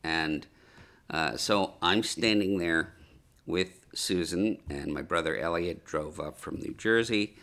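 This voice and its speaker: A man's voice: deep voice, takes it slowly. A man telling anecdotes as an interview guest, laughing often and acting out what people said. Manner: lively anecdotes, laughs often, acts out quotes. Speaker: animator guest. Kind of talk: casual interview storytelling.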